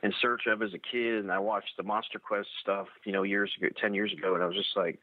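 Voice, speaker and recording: Man, halting and full of restarts, dry tinny audio. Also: lowish voice, little pitch movement, no echo. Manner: halting, many restarts and fillers. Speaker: eyewitness telling an encounter. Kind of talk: first-person storytelling.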